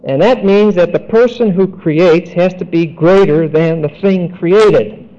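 A man teaching a Bible study lecture, deliberate and emphatic, spelling out Greek words. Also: high-pitched, dark tone. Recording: dull lo-fi recording.

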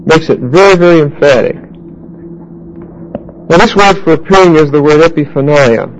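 A man teaching a Bible class verse by verse, halting with fillers and restarts and putting questions to his listeners. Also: fairly high pitch, a little hiss or hum, low-quality recording.

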